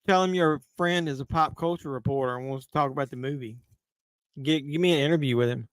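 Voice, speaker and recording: Man, live-stream host, crude joking banter, somewhat high pitch, dry close sound. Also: quick pace, no room sound. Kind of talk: casual movie watch-along commentary.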